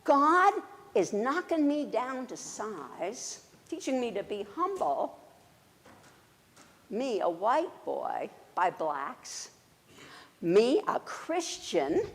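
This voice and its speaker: A woman's voice: on the high side, long reverb tail, heavily acted. A woman doing a humbled proud boy, musing.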